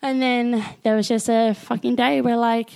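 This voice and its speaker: A woman's voice: a little high, normal speed, vocal fry, clear, resonant tone. A young woman co-hosting a podcast, telling stories with a lot of swearing and acting out what people said. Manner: animated storytelling, acts out quotes, swears freely. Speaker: podcast co-host. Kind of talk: casual chat.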